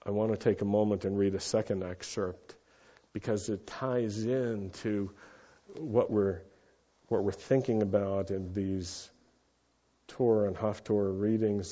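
A male rabbi giving a sermon, reading quoted passages with feeling and dropping to a hush at somber lines. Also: fairly low pitch, fairly even intonation, a little slow. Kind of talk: sermon with read-aloud excerpts. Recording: muffled lo-fi recording.

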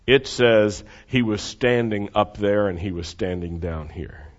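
A man preaching a sermon with expressive delivery, leading the congregation to repeat lines after him. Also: on the low side, measured pace, lo-fi sound. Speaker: pastor.

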